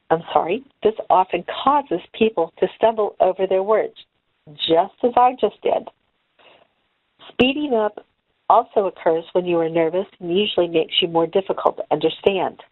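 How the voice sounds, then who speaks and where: A woman giving a training lesson on speaking skills, in a measured, deliberate delivery with pauses. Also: medium pitch, no echo. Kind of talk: instructional talk on speaking skills. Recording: tinny phone-like audio.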